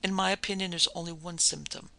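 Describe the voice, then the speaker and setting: A woman's voice: fairly low pitch, fairly even intonation, fast, vocal fry, bright, forceful tone. A man doing an earnest, hesitant Swedish lady. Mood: earnest, worried. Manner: earnest, hesitant, searching for words. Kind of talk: classic ghost story reading.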